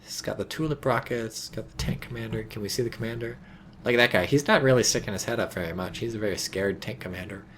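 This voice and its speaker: A man casting a strategy game match in casual commentary, excitable, sarcastic and swearing freely. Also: on the low side, fast, a little hiss or hum. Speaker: game caster.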